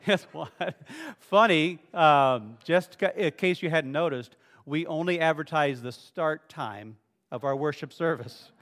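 A man's voice: on the high side, a bit bright, in a large hall. A man preaching a sermon in a church, joking playfully with his congregation as he leads a show-of-hands vote. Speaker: pastor. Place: church sanctuary.

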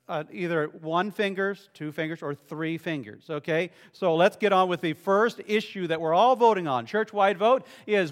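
A man's voice: high-pitched, fairly bright tone, in a large hall. A man preaching a sermon in a church, joking playfully with his congregation as he leads a show-of-hands vote. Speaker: pastor. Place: church sanctuary.

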